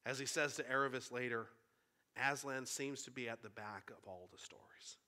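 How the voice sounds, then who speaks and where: A man's voice: medium pitch, moderate pace, sharp tone. A man preaching a sermon, retelling a story in an earnest, conversational way.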